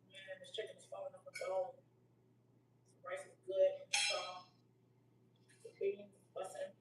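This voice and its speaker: Woman just chatting on a couch, candid and lively, kinda far from the mic in a roomy space with a faint hum. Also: medium pitch, unhurried. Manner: candid, animated storytelling with slang. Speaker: host. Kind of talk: casual couch chat.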